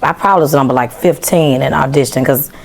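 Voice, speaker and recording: A woman's voice: very deep voice, fast talker, gravelly. A young woman from Memphis, a podcast guest telling her story in casual chat and acting out the dialogue. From Memphis, Tennessee. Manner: animated, acts out quoted dialogue.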